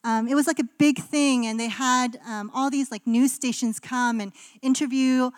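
A woman's voice: high voice, steady tone, normal speed, clean tone, no room sound. A woman pastor from Canada giving a conversational sermon in a casual, chatty way, with frequent ums and likes.

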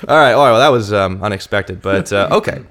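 A man's voice: lowish voice, animated, fast, a bit bright. A man hosting a podcast, interviewing guests in an upbeat, casual way. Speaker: podcast host.

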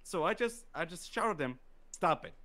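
Guy ranting through a story on a podcast, lively swinging pitch, cursing a ton. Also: a little fast. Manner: animated, profane storytelling with acted-out quotes. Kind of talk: casual chat, storytelling.

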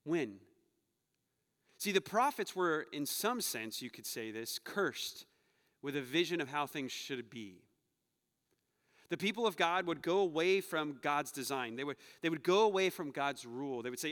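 Bright-voiced male pastor in reverberant hall. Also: a little high, animated, moderate pace. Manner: conversational preaching, shifts between playful asides and hushed earnest passages. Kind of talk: sermon. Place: church sanctuary. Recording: long reverb of a church hall.

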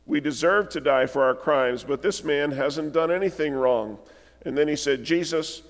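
A male pastor delivering a sermon and reading scripture aloud in a measured, deliberate way, recorded in a large church sanctuary. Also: mid-range voice. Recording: long church hall reverb.

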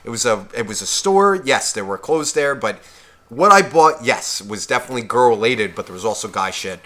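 A podcast co-host talks a little fast and animatedly, his mid-range voice carrying a bright, forceful tone. He rants about a shopping trip with plenty of profanity, acting out each side of the dialogue.

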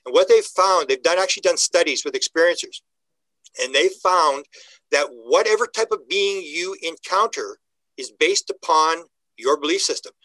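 A man being interviewed, telling stories in a lively, conversational way and acting out the people he quotes. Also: normal speed, no echo, low-quality recording. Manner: acts out the voices of the people he quotes, with lively pitch jumps. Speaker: interview guest. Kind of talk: animated conversational storytelling.

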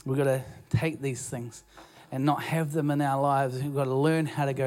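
A man's voice: mid-range voice, fairly even intonation, normal speed, few pauses, a little mellow. A man with a New Zealand accent preaching a sermon as pastor in a church, in a conversational, self-deprecating way with frequent restarts. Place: church auditorium.

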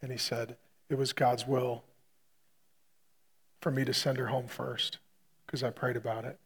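A male pastor preaching, retelling a hospital story with loud punchy bursts that drop to a quiet hush. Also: mid-range voice, level tone, a little slow, husky. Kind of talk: sermon storytelling.

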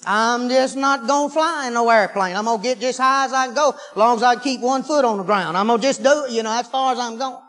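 A stubborn preacher's wife who will not get on a plane, as a man preaching puts her on. She has a high, folksy drawl, and the voice rings back from a long hall. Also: quick pace, few pauses, a bit bright.

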